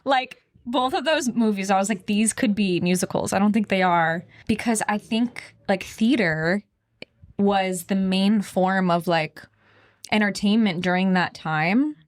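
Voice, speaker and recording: A woman's voice: medium pitch, a little slow. A young adult woman co-hosting a podcast in casual chat, rambling with fillers and laughing often. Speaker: podcast co-host.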